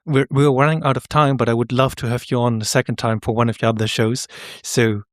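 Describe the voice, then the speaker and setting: A young man with a German accent hosting a podcast interview, speaking thoughtfully with some halting restarts. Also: mid-range voice, flat delivery, no room sound, clean studio sound. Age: young adult. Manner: thoughtful, halting, laughs often. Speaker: podcast host. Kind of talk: casual interview chat.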